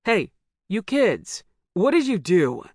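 A woman's voice: medium pitch, very animated, takes it slowly, darkish tone, slightly rough, no room sound, studio quality, voice pushed up, full character voice. A woman voicing an alarmed male bystander in an audiobook, urgent and demanding.

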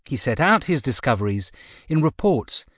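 Male audiobook narrator, animated pitch, dry close sound, measured expressive delivery. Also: dry recording. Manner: measured, expressive reading with varied pace.

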